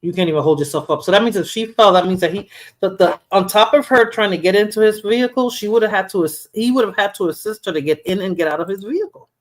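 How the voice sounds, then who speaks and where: A woman's voice: mid-range voice, fast talker. A woman hosting a livestream, chatting casually and laughing while reacting to a clip. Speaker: livestream host.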